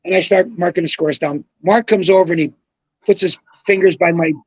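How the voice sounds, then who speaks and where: An older man telling an animated story as a podcast guest, excitable, swearing and acting out quotes. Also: high-pitched, a little fast, no echo, highs cut off.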